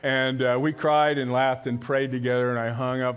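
A man's voice: mid-range voice, level tone, a little fast, clear, resonant tone. A male pastor giving a live church sermon in a conversational way, telling jokes and often restarting his sentences. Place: church service.

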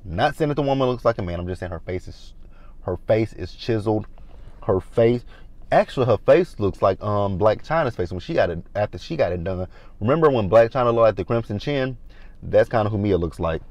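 A man's voice: lowish voice, lively intonation, fairly quick, a little mellow, no room sound, dull audio. A man from the American South giving a chatty, blunt review of a reality TV episode, acting out the cast in quotes. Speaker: reality TV recap vlogger.

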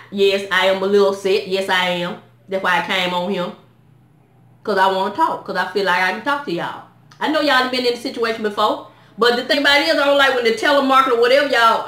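A woman's voice: a little high, fairly bright tone. A woman vlogging a blunt, exasperated rant to her viewers, putting questions to them. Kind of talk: casual direct-to-camera rant. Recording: echoey room.

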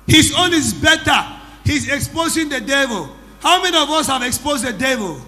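A man with a very high, bright voice preaches to his congregation, exclaiming and firing questions at them. He is recorded in a church hall with a long echo, and faint music plays underneath. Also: lively intonation, moderate pace. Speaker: prophet leading a church service. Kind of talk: sermon with deliverance testimony.

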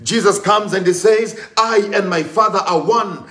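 A man's voice: high-pitched, normal speed, sharp tone, roomy sound. A man preaching a sermon with emphatic, repetitive delivery and rising exclamations.

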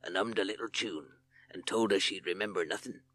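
A man voicing an aged male mole in a storybook, talking slowly in a low, secretive murmur. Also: dry recording. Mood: confiding. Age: older. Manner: slow, low, drops to a hushed mutter.

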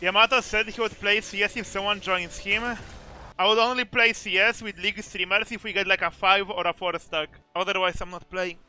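A man's voice: sits high, fairly even intonation, fairly quick, bright, forceful tone. A man streaming a video game, chatting casually with blunt, swearing rants about the match. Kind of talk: casual gaming commentary.

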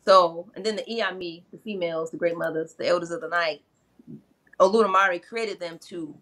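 A woman's voice: on the low side, fairly bright tone, husky. A middle-aged woman, a spiritual practitioner, earnestly retelling sacred myths in casual conversation. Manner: earnest, retells myths and slips into quoted voices.

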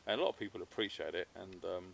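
A man's voice: low-pitched, very fast, creaky, fairly bright tone, slight background noise. A British man hosting an outdoors channel, chatting casually and laughing while relaxing in a hammock in the woods. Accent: British English. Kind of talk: casual chat to camera.

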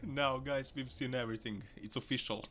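A man's voice: medium pitch, fairly even intonation, moderate pace. A man doing joking reaction commentary on driving clips, laughing often between remarks. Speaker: video commentator. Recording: noisy recording.

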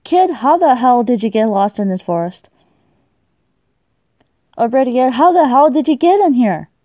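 A young woman commentating on her game play, excitable and swearing a lot, shrieking when startled. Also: a little high, a little slow, dry recording, dull audio. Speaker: gaming YouTuber.

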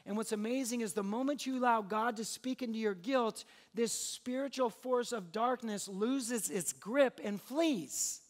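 A man's voice: very high voice, unhurried, hardly any pauses. A young adult man preaching a sermon to a church crowd in a chatty, joking way, often acting out little bits of dialogue. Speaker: pastor.

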